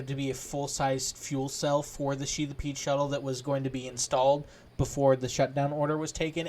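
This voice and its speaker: A male game master narrating a tabletop game. He talks in a slightly high voice, halting, with many fillers and restarts.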